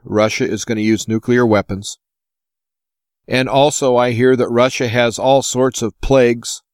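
A man's voice: medium pitch, clear, resonant tone, no echo, clean studio sound. Impassioned American man ranting on a show. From United States. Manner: impassioned ranting, rhetorical questions. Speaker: host. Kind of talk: opinion monologue.

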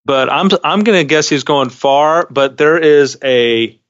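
A man co-hosting a podcast in casual chat, measured and wry, often restarting his sentences. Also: fairly high pitch, fairly bright tone. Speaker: podcast co-host. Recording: dull lo-fi sound.

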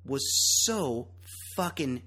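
Husky guy on a podcast, swears a lot, rants hard about the news. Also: mid-range voice, expressive, slow, fairly bright tone. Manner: blunt, profane, opinionated ranting. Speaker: podcast host. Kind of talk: casual chat.

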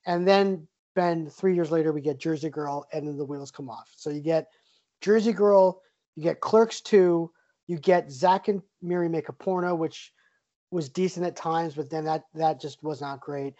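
A man's voice: fairly high pitch, normal speed, dark tone. A man co-hosting a podcast, telling joking stories in casual chat. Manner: chatty, joking storyteller. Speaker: podcast co-host. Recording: dull lo-fi sound.

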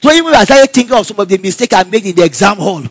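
A man telling a personal story in a casual, animated way, laughing often and acting out the dialogue. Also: sits high, rapid-fire, dry recording. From Nigeria.

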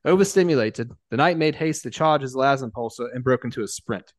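A man reads a story aloud at an even, mid-range pitch, with small slips and restarts as he goes. His voice is close and dry, with no room echo. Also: brisk. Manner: steady reading with small restarts. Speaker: narrator. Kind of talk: scripted story narration.

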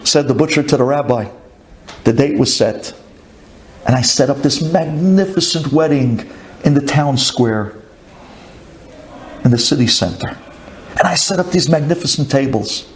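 A man telling a folk tale with dramatic delivery and sudden swings in pitch. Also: lively intonation, a little slow, pauses often. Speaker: storyteller.

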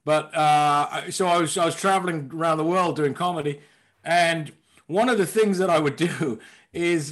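A comedian guest chatting playfully over a video call, rambling and laughing often. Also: male voice, sits high. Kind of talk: casual comedic chat.

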